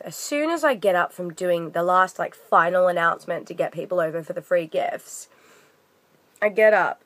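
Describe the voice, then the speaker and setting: A woman's voice: fairly low pitch, a bit bright, no room sound. A young woman vlogger telling a story in a casual, rambling rant full of fillers and restarts.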